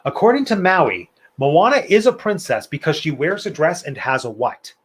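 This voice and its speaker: Chatty, slightly high-voiced male trivia host. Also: big pitch swings, normal speed, slightly rough. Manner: chatty and playful, with asides and opinionated rants. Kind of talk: live-streamed trivia hosting.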